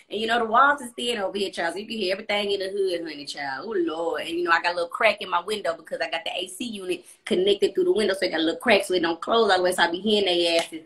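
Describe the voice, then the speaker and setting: Bright-voiced woman telling a blunt story. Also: fairly low pitch, rapid-fire, hardly any pauses. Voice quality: blunt, profane, chatty. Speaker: live streamer. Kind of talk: casual storytelling on a livestream. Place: apartment room at home.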